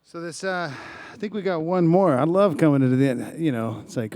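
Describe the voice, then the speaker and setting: A singer-songwriter telling a rambling, self-deprecating story between songs at a small club. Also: male voice, a little high, a little fast, few pauses, darkish tone. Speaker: singer-songwriter performing live. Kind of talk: relaxed stage banter between songs. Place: small live music club.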